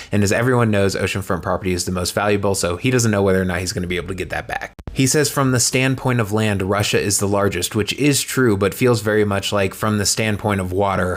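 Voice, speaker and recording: A man rattles off a political recap at a brisk clip, his voice sitting fairly low. He slips in deadpan, mocking asides as he goes, keeping a dry, sarcastic edge throughout. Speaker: political commentary creator.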